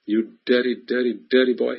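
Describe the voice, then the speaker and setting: A man's voice: mid-range voice, level tone, brisk, creaky, husky. A man voicing a stern inner voice of conscience that scolds and repeats its reproaches, on a dull lo-fi recording. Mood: scolding.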